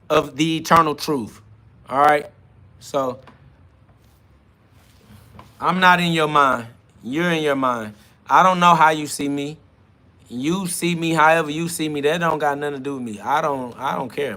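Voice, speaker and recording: Heated, high-voiced man preaching bluntly. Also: sharp tone. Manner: emphatic, drawing out key words. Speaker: podcast host. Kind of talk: spiritual self-talk monologue.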